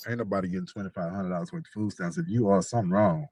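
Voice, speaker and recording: Man on a phone call, low voice, dry close sound, profane animated gossip. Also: rapid-fire, no echo. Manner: animated storyteller, profane, lively slangy talk. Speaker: best friend on a phone call.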